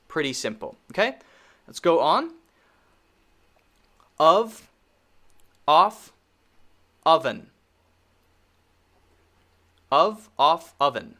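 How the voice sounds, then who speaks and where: A man with an American accent teaching a pronunciation lesson, patiently repeating model words with clear emphasis. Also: mid-range voice, a bit bright.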